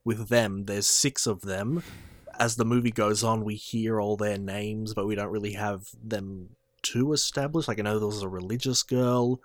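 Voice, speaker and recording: A man co-hosting a casual film review chat, speaking in a measured, thoughtful way. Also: fairly low pitch, steady tone, no room sound. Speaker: film podcast co-host.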